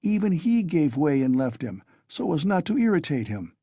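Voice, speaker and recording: A man voicing a loud, tipsy young man who blusters and argues, in a husky voice. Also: on the high side, big pitch swings, normal speed, no room sound, voice pushed up, full character voice. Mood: blustering.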